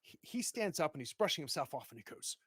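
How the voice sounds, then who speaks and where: A man narrating a tabletop game as game master, animated and laughing often. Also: a little high, fast talker, slightly rough, dry recording, studio quality.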